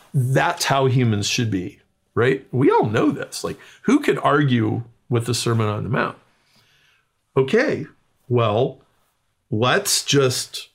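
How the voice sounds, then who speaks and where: Gravelly man, mid-pitched, emphatic casual explainer who keeps asking "okay?".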